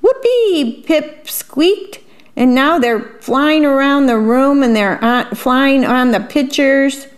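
Slow, high-voiced woman reading a picture book. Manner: describes the pictures in a chatty aside. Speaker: storyteller.

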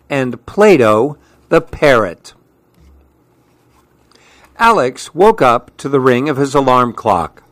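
A man hosting a radio children's story hour, reading picture books aloud in a gentle, friendly manner. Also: mid-range voice, dry recording.

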